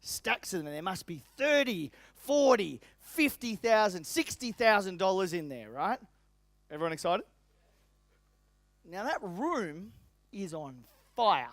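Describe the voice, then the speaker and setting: A middle-aged man, a business coach, giving an energetic, emphatic seminar talk and addressing the audience directly. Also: high voice, a little slow, no echo. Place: seminar venue.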